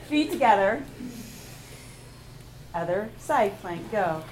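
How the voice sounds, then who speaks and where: A woman teaching a live yoga class, giving calm pose and breath cues with playful laughs. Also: on the high side, background noise. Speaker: yoga instructor. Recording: echoey room.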